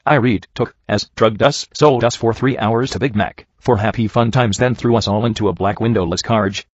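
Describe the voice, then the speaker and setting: Deadpan sarcastic man, low husky voice. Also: moderate pace, few pauses, no echo. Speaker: reviewer reading bad fanfiction. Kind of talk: dry comedic reading and commentary. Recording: dull lo-fi home recording.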